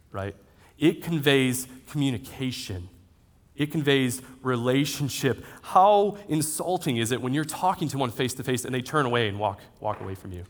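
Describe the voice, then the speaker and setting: A man in his thirties preaching a sermon in a church auditorium, swinging between loud, emphatic lines and soft, drawn-out ones. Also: mid-range voice. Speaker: pastor. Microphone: handheld or headset mic.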